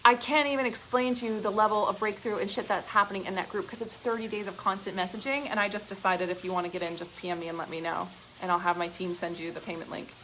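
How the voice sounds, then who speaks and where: A woman business coach on a live stream, giving an excited, profane pep talk to her audience, heavy on emphasis and filler words. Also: medium pitch, quick pace, few pauses, slight background noise, poor audio. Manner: excited and gushing.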